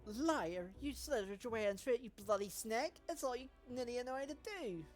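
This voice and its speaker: A brash, jeering rival woman with a rough English accent, as a streamer reading a game puts her on. She sounds butch and gruff and pitches her voice up higher and louder than her usual talk, with faint music underneath. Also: animated, normal speed, close to an everyday voice. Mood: taunting. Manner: jeering, loud.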